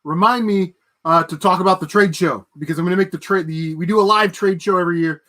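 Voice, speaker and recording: A man's voice: sits high, fast talker, pushed and bright. A man hosting a casual livestream, chatting with viewers and ranting with plenty of swearing and laughter. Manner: ranting, profane, laughs at his own jokes. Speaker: livestream host.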